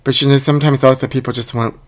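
A man's voice: mid-range voice, flat delivery, rapid-fire. A man hosting a comedy podcast, bantering in a sassy, theatrical way, singing snippets of lyrics and reading aloud with mock drama. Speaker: podcast host.

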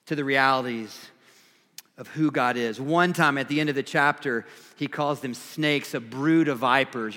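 A man's voice: mid-range voice, a bit bright. A man preaching a sermon and teaching through a Bible chapter in a casual, conversational way, with frequent fillers and repeated phrases. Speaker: pastor. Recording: long reverb, echoey hall.

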